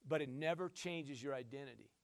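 A man preaching a sermon in a folksy, conversational way, calling to his listeners and swinging from shouts down to quiet asides. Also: fairly quick, vocal fry. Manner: emphatic call-and-response preaching, shouting at peaks, then dropping low.

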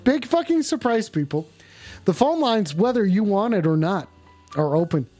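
A man hosting a livestream call-in show, talking to his chat in a rambling, exasperated, profane way, stretching some lines out and rushing others. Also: high voice, very animated, mellow, soft background music. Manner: profane, exasperated, scolding viewers; drawn-out emphatic lines mixed with quick asides. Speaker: livestream host taking call-ins.

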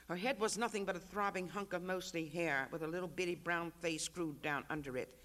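High-voiced author reading fiction. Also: male voice, a bit bright. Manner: measured, rhythmic narration. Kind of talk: literary reading.

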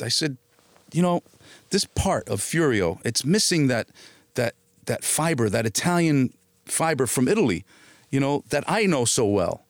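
A man's voice: mid-range voice, moderate pace, no room sound. A middle-aged man from the New Jersey area, an actor telling stories in a casual interview and acting out people's lines. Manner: animated anecdotes, quotes people in dialogue. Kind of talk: casual storytelling.

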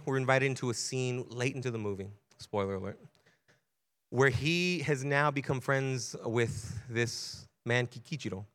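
A man preaching a sermon at a medium pitch, telling a story in an earnest voice. He builds intensity as he goes and repeats phrases for emphasis. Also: fairly bright tone. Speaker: pastor.

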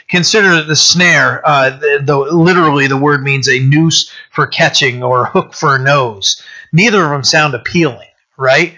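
Bright-voiced pastor teaching conversationally. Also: male voice, on the high side, normal speed, lo-fi sound. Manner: conversational, often checks in with "right?" and "you know". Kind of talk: conversational Bible teaching sermon.

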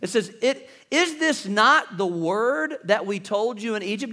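Man, pastor, sermon, high-pitched voice, dramatic swings. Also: animated, unhurried, bright, forceful tone. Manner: preaching with dramatic shifts, acting out panicked voices.

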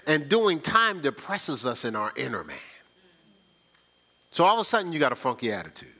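A man's voice: mid-range voice, very animated, normal speed, bright, forceful tone. A male pastor preaching a sermon in a colloquial, conversational way, often asking the crowd "right?". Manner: call-and-response, asks "right?".

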